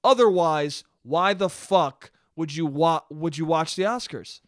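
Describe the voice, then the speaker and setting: A young man rants alone into his podcast mic, swearing freely and turning to his listeners with "dude." His voice sits fairly high. The sound is dry and close, with no room echo. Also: a little slow. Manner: profane, animated, talks to listeners as "dude". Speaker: podcast host. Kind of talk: solo podcast rant. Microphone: studio mic he checks the levels on.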